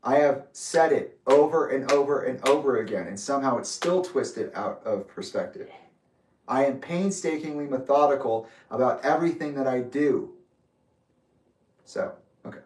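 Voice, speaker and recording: A man's voice: medium pitch, a little mellow. Man reading a letter in an echoey room. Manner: measured, deliberate and methodical. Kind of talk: reading his own letter aloud with asides. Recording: roomy echo, distant from mic.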